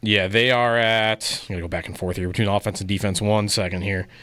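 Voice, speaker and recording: A man co-hosts a sports talk show, his voice bright and forceful. He trades stats and playful jabs in loose, stubborn banter. The studio mic is dry and close. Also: fairly low pitch, steady tone, brisk, dry recording. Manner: stat-heavy, joking, playfully stubborn. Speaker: sports radio co-host. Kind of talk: casual sports radio banter. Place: radio studio. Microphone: studio microphone.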